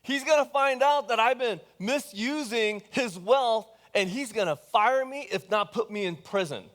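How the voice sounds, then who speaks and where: A man's voice: high voice, very animated, a bit bright. A man voicing a panicky, scheming male estate manager in a Bible story retold in a sermon. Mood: panicked. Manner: frantic, fast-talking.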